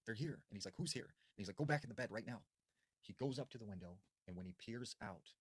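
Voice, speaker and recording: Man, deep husky voice, casual spooky storyteller, loud then hushed. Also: dry recording. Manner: animated retelling, raises voice for quoted shouts, drops low for eerie parts. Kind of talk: casual spoken ghost story.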